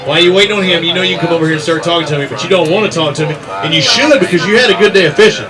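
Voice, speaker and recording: A man's voice: a little high, racing, low-quality recording. A man, emceeing an outdoor fishing tournament weigh-in, teasing anglers as he calls out names and weights. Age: 60s. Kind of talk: live event emceeing with banter. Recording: crowd chatter behind. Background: crowd.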